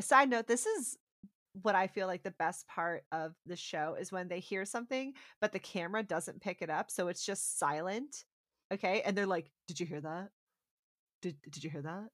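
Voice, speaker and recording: A woman co-hosting a podcast, casually recapping a TV episode as a lively storyteller who acts out the quotes. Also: on the low side, dry recording, clean studio sound. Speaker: podcast co-host.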